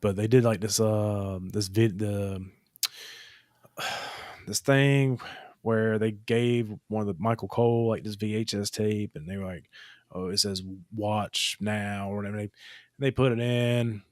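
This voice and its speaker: A man's voice: fairly low pitch, steady tone, a little slow, no room sound, clean studio sound. A man in his thirties co-hosting a podcast, telling loose, profane, rambling stories in casual chat. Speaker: podcast co-host.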